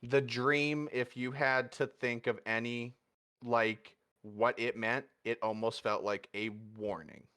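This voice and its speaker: A man narrating a tabletop role-playing game as game master, in a relaxed, halting way. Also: medium pitch, smooth. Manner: relaxed, halting, full of restarts.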